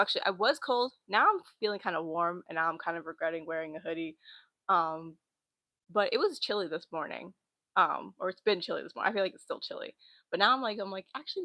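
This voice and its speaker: A woman's voice: fairly low pitch, sharp tone, dry recording. A young woman in her twenties rambling and giggling through casual livestream chat into a laptop mic at home. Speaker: livestream host.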